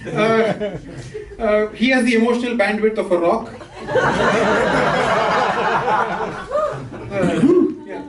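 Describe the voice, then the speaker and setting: A man from India performing a stand-up comedy set, with brisk delivery and quick asides to the audience. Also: sits high, very noisy. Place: comedy club stage with laughing audience. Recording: roomy, distant, with crowd laughter.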